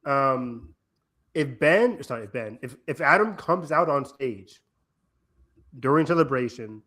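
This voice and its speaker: A young man with a deep voice co-hosting a podcast, chatting casually in an excitable, joking, rambling way. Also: a little slow. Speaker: podcast co-host. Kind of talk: casual chat.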